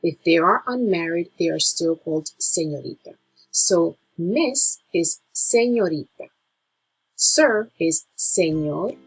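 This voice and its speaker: A woman, a nurse, teaching a beginner language lesson from slides, drawing out each new word slowly and repeating it. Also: lowish voice, expressive, husky, rough recording. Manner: slow, drawn-out pronunciation of Spanish words.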